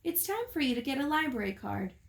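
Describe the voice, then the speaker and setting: A kind, patient mother from a picture book, as a woman reads her out. She speaks gently and warmly, her voice lifted a little above plain talk. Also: sits high, big pitch swings, fast, gravelly, pitched above the performer's own voice, exaggerated voice. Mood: gentle. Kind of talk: storybook read-aloud.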